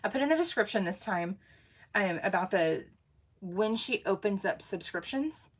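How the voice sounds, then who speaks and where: A woman's voice: medium pitch, lively intonation, normal speed, slightly rough. A woman, hosting a casual craft livestream, bubbly, laughing often and greeting viewers by name. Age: 40s.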